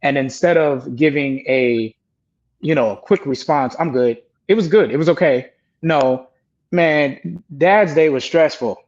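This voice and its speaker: A man's voice: fairly high pitch, unhurried. A man speaking as a panelist and father, earnestly reflecting on parenting in a candid discussion. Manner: earnest, reflective, quotes himself talking to his kids. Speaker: panelist, father of two girls. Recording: dull lo-fi sound.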